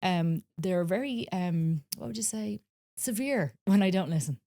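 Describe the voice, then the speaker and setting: A woman talking earnestly in a casual podcast chat, telling stories with many pauses and ums. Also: on the low side, animated, mellow, no room sound, clean studio sound. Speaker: spiritual wellness guest.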